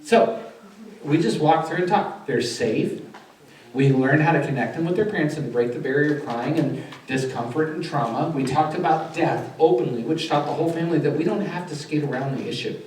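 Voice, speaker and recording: A man speaking as a chaplain at a conference, telling a story with lively acted-out dialogue. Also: fairly high pitch, fairly quick. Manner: animated storyteller acting out a child counseling session. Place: conference hall. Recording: echoey hall, far from mic, faint noise.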